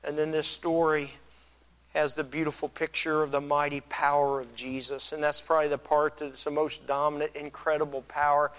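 An earnest male pastor delivers a sermon with a slightly higher-than-usual voice. He muses aloud and often restarts his words. He swells louder whenever he wants to stress a point. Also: little pitch movement, normal speed, poor audio.

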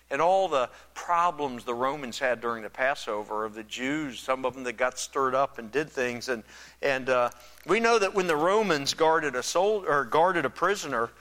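A man's voice: a little high, sharp tone, big-room sound. A man preaching a sermon, conversational, imagining and acting out the dialogue of the story. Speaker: pastor.

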